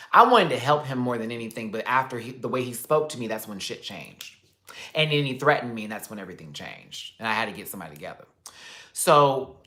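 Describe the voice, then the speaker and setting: A man hosting a casual livestream, telling a story in an animated, expressive way, swearing freely and talking directly to his viewers. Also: medium pitch. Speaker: livestream host.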